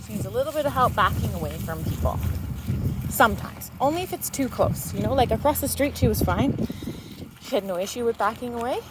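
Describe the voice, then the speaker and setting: A woman dog trainer talks through a neighborhood walk with a fairly high, animated voice. She explains calmly and jumps up high to praise the dog. Clear outdoor noise, with a dog barking now and then. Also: fairly quick.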